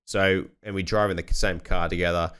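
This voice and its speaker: A man's voice: sits low, fairly even intonation, brisk, clear, resonant tone. A young Australian man hosting a casual podcast chat, swearing freely and acting out other people's lines as he tells stories. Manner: sweary storyteller, acts out other people loudly. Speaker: podcast host.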